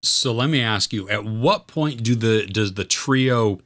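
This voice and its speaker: A man's voice: on the low side, measured pace, a bit bright. Laid-back man chatting about a movie. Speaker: podcast co-host. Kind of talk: casual movie review chat.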